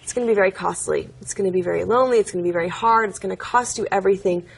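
A woman's voice: medium pitch, racing, gravelly, slightly rough. A young adult woman, an interview guest, telling personal stories in an earnest, chatty way, with many fillers and frequent laughs. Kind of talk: interview storytelling.

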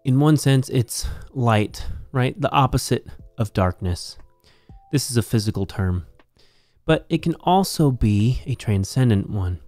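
A man teaching New Testament Greek, slowly and methodically walking through a verse as a Bible teacher. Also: mid-range voice, expressive, a little mellow, no echo, faint music behind. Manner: slow, methodical explaining. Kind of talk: Greek grammar lesson.

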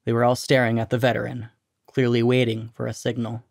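A man narrates a short story aloud at a measured, steady pace. His voice has a gravelly texture, and the recording is dry and close. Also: medium pitch, dry recording. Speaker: reader.

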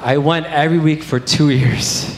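A man's voice: a little high, fairly even intonation, moderate pace. A young man preaching a sermon, candid and conversational, telling personal stories with casual fillers. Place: church sanctuary. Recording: echoey church hall with faint noise.

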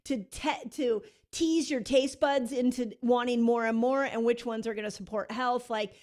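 A middle-aged woman from the United States hosts a podcast chat. Her voice sits a little high and she talks earnestly, pressing her points and often restarting mid-sentence. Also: fairly even intonation, moderate pace, a little mellow. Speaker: podcast host. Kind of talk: casual interview chat.

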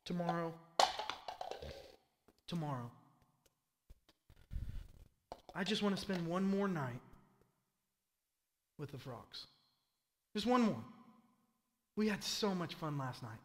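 A man preacher voicing a stubborn, weary ancient king, speaking in a slow, dreamy, mock-content way in a reverberant church. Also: sits high, steady tone, a little mellow, slight background noise.

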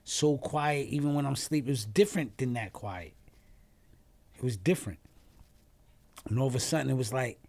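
Animated New man telling a story. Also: medium pitch, moderate pace, creaky, pauses often. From New York. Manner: animated storyteller who acts out quoted voices, swears freely; trails off and restarts mid-sentence. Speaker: podcast guest. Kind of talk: casual storytelling interview.

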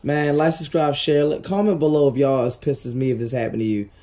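A man's voice: medium pitch, fairly even intonation, brisk, dark tone. A man hosting his own gaming channel, ranting and swearing in casual commentary. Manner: frustrated, ranting, swears a lot.

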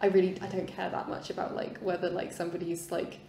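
Podcast co-host, woman, lowish voice, rambling delivery, roomy echo. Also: completely flat delivery, fast, vocal fry, warm tone. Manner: rambling, lots of likes and ums. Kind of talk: casual chat.

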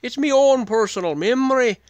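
A man's voice: lively intonation, fairly quick, no room sound. A man doing a put-on Irish accent, playing an indignant, leprechaun-like Irish man. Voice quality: high and loud, leprechaun-like. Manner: indignant, scolding. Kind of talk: impression within a vlog.

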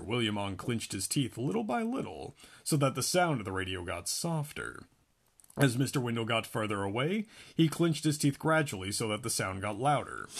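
Husky man reading a book aloud. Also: medium pitch. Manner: animated, laughing between lines. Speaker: reader.

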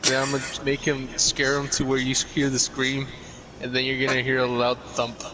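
This is a man with a mid-range voice who tells teasing stories in a laid-back way during a casual gaming chat. Loud background noise runs under everything he says. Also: medium pitch, monotone, fairly quick.

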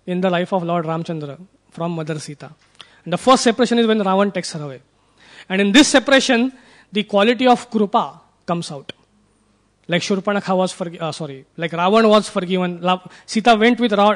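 A man preaching a sermon in a conversational way, often checking in with his listeners. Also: high voice. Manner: conversational, asks the audience for assent.

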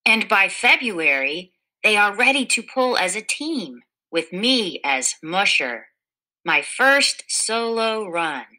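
A woman reading a children's picture book aloud in a gentle storytelling manner, livening up the quoted lines. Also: mid-range voice, poor audio. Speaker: storybook reader.

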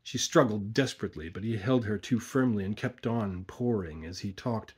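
A man slowly reading a horror story aloud in a hushed, deliberate way. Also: lowish voice, slightly rough. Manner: slow, hushed, deliberate narration.

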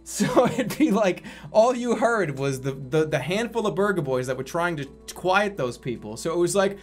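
A man's voice: on the high side, expressive, normal speed, few pauses. A man in his thirties, a livestreamer rambling through a casual chat and swearing freely. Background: faint music.

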